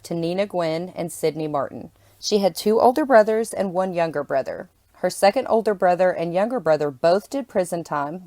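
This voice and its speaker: Low-voiced woman telling true crime. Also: a little mellow, dry recording. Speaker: podcast co-host and storyteller. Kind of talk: casual chat and true crime narration.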